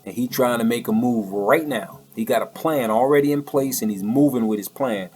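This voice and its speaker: A man's voice: medium pitch, moderate pace, a little mellow, faint music behind. A man giving a heated, preachy political monologue in a colloquial way, often repeating words as he pushes his point. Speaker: political commentator. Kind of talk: impassioned monologue.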